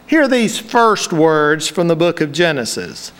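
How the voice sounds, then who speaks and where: High-voiced, smooth-toned male preacher. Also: animated. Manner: warm anecdotal storytelling, slow measured reading. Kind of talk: sermon with storytelling and scripture reading.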